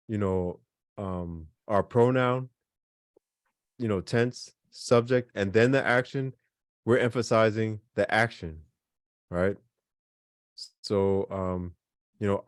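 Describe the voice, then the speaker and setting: A man's voice: on the low side, no echo, studio quality. A man teaching a beginners' language class, explaining casually with lots of fillers and repeated examples. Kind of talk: online class lesson.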